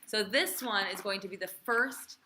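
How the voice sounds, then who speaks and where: A woman's voice: mid-range voice, normal speed, crowd noise. A female cantor teaching a class, quizzing and encouraging her students in a chatty way.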